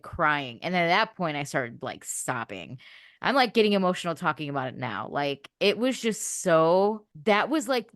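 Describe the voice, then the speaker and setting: A woman's voice: fairly low pitch, a bit bright, no echo, clean studio sound. A woman co-hosting a podcast, chatting candidly and emotionally, swearing freely. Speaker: podcast co-host. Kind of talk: casual chat.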